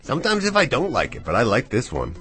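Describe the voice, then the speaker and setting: A man hosting a live radio show in a studio, rambling and thinking out loud into the microphone. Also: medium pitch, wildly swooping pitch, fast, soft background music. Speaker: radio DJ and host. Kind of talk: casual live radio chat.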